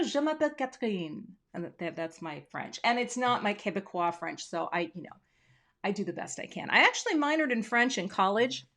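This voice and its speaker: A woman's voice: medium pitch, a bit bright. Chatty woman teaching a crafting livestream. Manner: chatty, self-deprecating, playful asides. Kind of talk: casual live design tutorial. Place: home craft room. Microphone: webcam.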